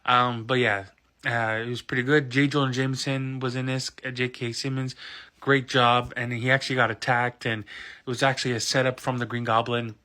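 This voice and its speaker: A man's voice: medium pitch, level tone, moderate pace, pushed and bright. A man in his thirties hosting a podcast, recapping a film in a casual, rambling way with restarts and self-corrections. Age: 30s. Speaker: podcast host.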